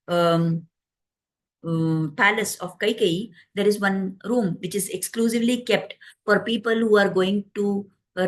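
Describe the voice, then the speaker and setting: A woman retelling a devotional epic in an explanatory way, with pauses and fillers. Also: medium pitch. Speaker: storyteller.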